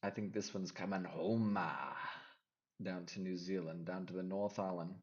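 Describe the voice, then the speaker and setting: Low-voiced man rambling through fight picks. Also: normal speed, muffled recording. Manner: rambling, second-guesses himself out loud. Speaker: MMA fight picks vlogger. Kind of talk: casual fight predictions.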